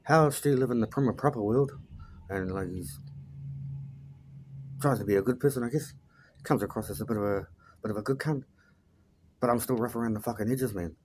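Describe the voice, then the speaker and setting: A man's voice: medium pitch, brisk, pauses often, a little mellow, a little hiss or hum. A man, a life coach talking bluntly and profanely in a casual motivational monologue, ending his sentences with "eh".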